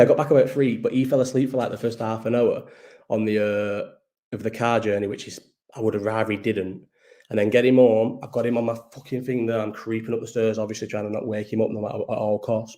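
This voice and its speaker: A man's voice: mid-range voice, warm tone. A tired man, hosting a live chat in a rambling casual way, swearing often and trailing off mid-sentence. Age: 30s.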